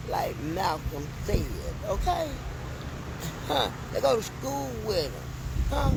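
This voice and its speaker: A woman talking emphatically to her viewers in a casual reaction vlog, recorded on a phone as she walks outdoors by a road. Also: a little high. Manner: talkative, emphatic, addressing viewers directly. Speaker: vlogger. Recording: loud outdoor noise, passing vehicles. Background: loud traffic and outdoor noise.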